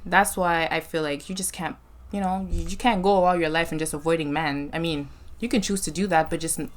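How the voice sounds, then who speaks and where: Woman, podcast host, low-ish voice, thoughtful conversational advice. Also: fairly even intonation, a little fast. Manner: reflective, faith-minded advice with frequent "right?" check-ins. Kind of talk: casual conversation.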